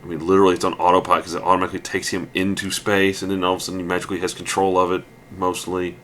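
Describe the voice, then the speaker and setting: A man's voice: low-pitched, monotone, rapid-fire, fairly bright tone, slight background noise. A man giving casual, rambling let's play commentary, ranting with lots of fillers and restarts.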